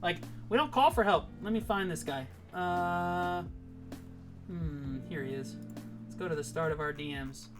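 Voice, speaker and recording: A high-pitched man speaks a little slowly with music behind him, talking casually on a livestream as a guild leader. His storytelling is profane, rambling, and boastful.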